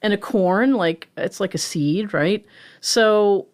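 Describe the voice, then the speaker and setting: A woman, a professor explaining linguistics in a lively conversational way and often asking "right?". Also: medium pitch. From Pittsburgh, USA. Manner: animated and chatty, explains with rhetorical "right?" and quick laughs. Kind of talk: conversational lecture in an interview.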